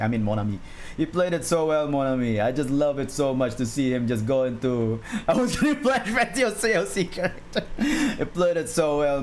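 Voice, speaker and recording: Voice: mid-range voice, darkish tone, a little hiss or hum. A drawing streamer in casual livestream chat, rambling with frequent laughs and restarts while answering chat questions.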